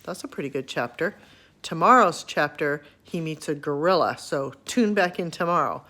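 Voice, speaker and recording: Expressive woman reading a storybook. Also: sits low, moderate pace. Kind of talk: reading a children's book aloud.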